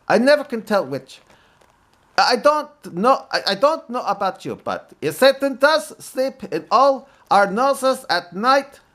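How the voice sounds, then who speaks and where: A man putting on a self-pitying male stand-up comic with a put-on mock Arabic accent, his pitch pushed high and swinging widely through each joke. He delivers punchlines in a stand-up cadence and keeps circling back to the same griping catchphrase. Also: a bit bright, full character voice. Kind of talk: comedic stand-up impression.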